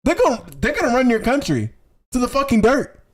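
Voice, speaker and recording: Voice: mid-range voice, very animated, a little fast. A political commentator doing livestream commentary on clips, talking heatedly in casual slang, repeating rhetorical questions and swearing.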